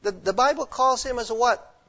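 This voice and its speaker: A man's voice: extremely high pitch, a little fast, sharp tone. A male pastor preaching a sermon emphatically, often quizzing his listeners with questions. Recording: dull lo-fi recording.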